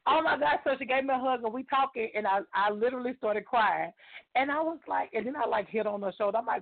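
A woman guest talks on a video call, excitable and quick to laugh as she tells her story. Her voice has a gravelly edge. The sound is thin and phone-like. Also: a little high. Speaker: guest author. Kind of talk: casual chat.

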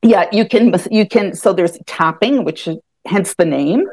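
A woman guest explaining a self-help tapping method in casual conversation, animated and quick to laugh, often restarting her sentences. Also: mid-range voice, no room sound. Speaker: EFT tapping practitioner, guest.

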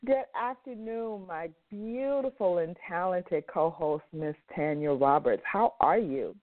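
A woman's voice: on the low side, unhurried. A woman hosting a faith talk radio show, her voice nasal from congested sinuses, speaking fervently and repeating words for emphasis. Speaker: host. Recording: phone line.

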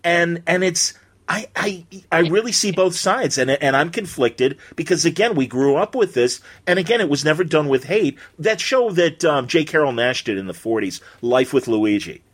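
A man's voice: a little high, expressive, normal speed, slightly rough. A man hosting a podcast, talking conversationally and often saying "man" and "you know". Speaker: podcast host. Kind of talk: casual interview chat.

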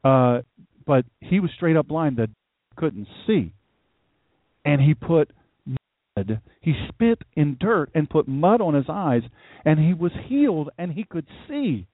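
Animated preacher man, tinny dry sound. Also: takes it slowly, no echo. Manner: animated storytelling, acts out voices, jumps to high pitch for emphasis. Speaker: pastor. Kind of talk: casual sermon.

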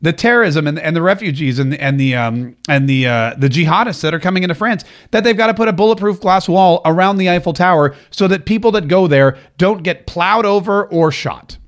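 A man's voice: sits high, expressive, brisk, hardly any pauses. A male talk radio host delivering a political monologue, sarcastic and emphatic, repeating phrases for effect.

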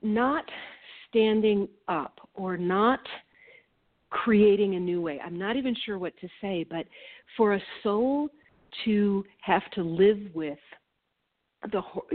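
Earnest woman on a tinny phone line. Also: medium pitch. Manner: earnest, animated, laughs often. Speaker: co-host. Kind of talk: reflective conversation.

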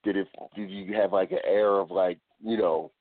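A man's voice: low-pitched, steady tone, moderate pace, no echo. Man with a stumbling, phone-line voice. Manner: repeats words and restarts phrases. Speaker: podcast host. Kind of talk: casual chat. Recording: tinny phone-line sound, dry.

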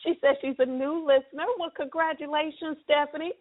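A chatty, upbeat middle-aged woman hosts a live radio talk show, her voice sitting a little high. The sound is thin and narrow, like a phone line. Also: fairly even intonation, fairly quick.

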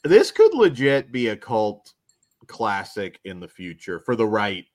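A man with a fairly low voice that swings widely in pitch, hosting a horror film podcast. He gushes and laughs through his takes, restarting sentences as he goes. The recording is close and dry. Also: wildly swooping pitch, a little slow, darkish tone, no room sound. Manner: enthusiastic, laughing often, rambling with restarts. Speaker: podcast host reviewing films. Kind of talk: casual chat.

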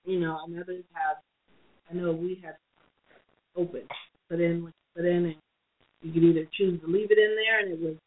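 On a podcast recorded with phone-like lo-fi quality, this female co-host offers money advice, rambling and thinking aloud with plenty of "you know"s. Her voice is on the low side and steady, brisk but with long pauses.

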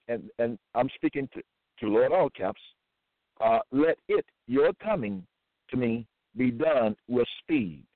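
A man preaching alone, reading scripture verses aloud in a slow, formal, deliberate cadence. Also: medium pitch, dry recording. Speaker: self-styled religious preacher. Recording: tinny phone-like dry audio.

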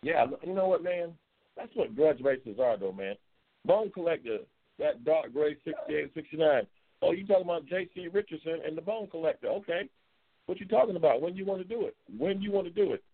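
A man hosts a loose, excitable live-stream chat, circling back over his points and reading out viewer comments. His voice sits fairly high for a man. The audio is tinny and narrow, like a phone line. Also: fairly quick. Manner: loose, excitable, repeats himself, bursts into high-pitched race calling. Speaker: talk show host reading viewer comments. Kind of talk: casual live-stream chat about drag racing.

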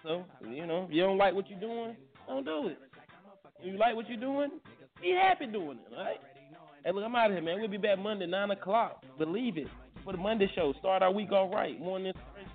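A man hosting a casual morning talk show, talking in laid-back slang and laughing loudly. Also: sits high, animated, brisk. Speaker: host. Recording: tinny phone-like audio.

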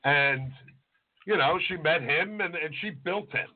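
On a tinny, phone-like recording, a man with a fairly high voice speaks at a measured pace. He's a chef co-hosting a casual podcast, spinning loose, crude stories and acting out the voices of people he's met.

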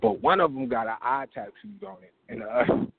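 A man tells a profane comic story, jumping in and out of voices. His voice is husky, and his pitch swings widely. The sound is dry and comes through a thin, tinny phone line. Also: big pitch swings, a little fast, dry recording. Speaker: open mic comedian calling in.

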